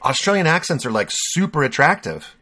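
A man's voice: a little high, very animated, fairly quick, bright, forceful tone. A man co-hosting a podcast, introducing the episode in a casual, jokey and rambling way. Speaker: podcast co-host. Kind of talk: casual chat.

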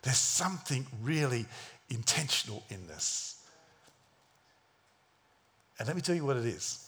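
A man's voice: mid-range voice, very animated, a little slow, a bit bright. A man preaching a sermon in a dramatic storytelling style, acting out the scenes he describes. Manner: dramatic, acts out the scenes, plays other voices.

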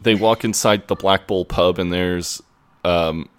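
A man's voice: low-pitched, steady tone, a little slow, smooth. A man casually recapping a sitcom episode on a podcast, laid-back and hesitant. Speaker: podcast co-host.

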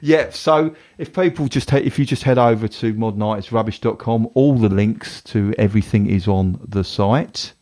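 A man's voice: on the low side, moderate pace, hardly any pauses, dark tone. A man co-hosting a podcast, bantering casually, giggling and rambling, poking fun at himself. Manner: giggly, rambling, self-mocking. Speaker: podcast co-host.

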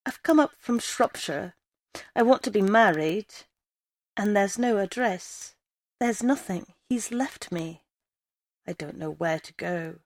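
A woman's voice: medium pitch, animated, slow pace, no echo, clean studio sound. A woman reading the lines of a frightened young country girl, speaking timidly and hesitantly. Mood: tearful.

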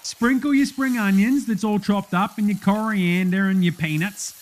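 A man's voice: sits high, moderate pace, pitched above the performer's own voice, close to an everyday voice. A man doing a brash Aussie TV cook. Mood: boisterous. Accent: Australian. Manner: boisterous, slangy, laughing at his audience. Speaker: podcast host in a comedy bit.

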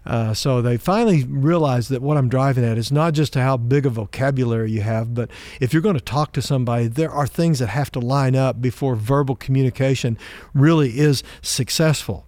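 A man pastor giving a teaching talk on relationships, speaking in a measured, conversational way and explaining with everyday examples. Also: medium pitch, a little mellow, dry recording.

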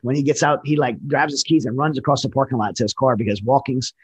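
A man with a husky, slightly rough voice talks quickly and earnestly, sharing his own story in conversation. He is candid and direct, often doubling back to restart a phrase as he goes. His pitch sits in an ordinary middle range for a man. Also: low-quality recording. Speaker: military veteran guest. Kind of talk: personal testimony in a conversation.

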